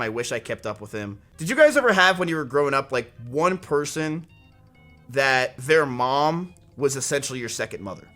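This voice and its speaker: Young man, streamer storytelling, rambling, swearing, forceful tone, faint music behind. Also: mid-range voice. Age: 20s. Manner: rambling, animated, swears often. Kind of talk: casual storytelling to chat.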